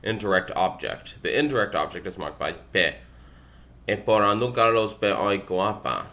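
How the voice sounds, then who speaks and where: A young man reading a language textbook aloud, working through phrases with halting restarts and wry asides. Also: on the low side, animated, highs cut off. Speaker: language learner vlogger.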